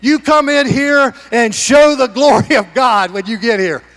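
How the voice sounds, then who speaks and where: This sermon is delivered a little slowly by a middle-aged male pastor with a high voice. Standing in his sanctuary, he goes from hushed, conversational asides to loud, excited shouting to spur on the congregation.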